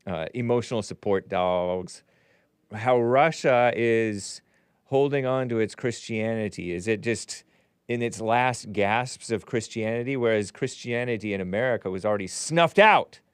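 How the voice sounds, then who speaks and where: A man hosting a live call-in show, chatty and upbeat, breaking into loud greetings, his voice a little strained. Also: fairly low pitch, a little slow, smooth, dry recording, clean studio sound. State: voice slightly strained. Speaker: show host.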